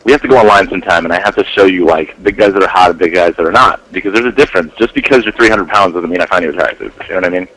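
A man with a lowish voice rambles through a loose, crude podcast chat. He trades jokes with his co-hosts in an offhand, meandering way. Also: very fast, hardly any pauses, fairly bright tone, poor audio. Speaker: podcast co-host. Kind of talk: casual chat.

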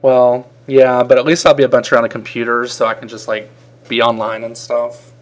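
A man's voice: medium pitch, level tone, fairly quick. A man who is a college student, co-hosting a podcast and playfully teasing his partner in casual banter.

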